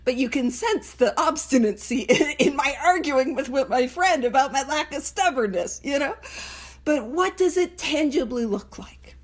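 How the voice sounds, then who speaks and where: A woman's voice: sits high, animated, normal speed. A woman hosting a recovery reading study in a casual, earnest way, laughing often and acting out inner voices. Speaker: podcast host leading a Big Book study.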